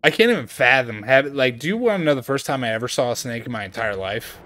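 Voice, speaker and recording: A man streaming a game and chatting casually, ranting in an animated way and jumping to high exclaims. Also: fast, no echo. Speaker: gaming streamer. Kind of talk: casual chat while playing a game.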